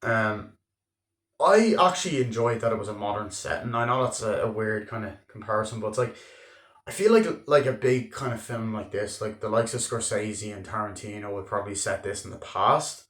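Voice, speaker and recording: Casual male film reviewer, fairly deep voice, rambling and profane, echoey room. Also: a little fast, a bit bright. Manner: loose and chatty, heavy on filler words, swears freely. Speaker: movie reviewer.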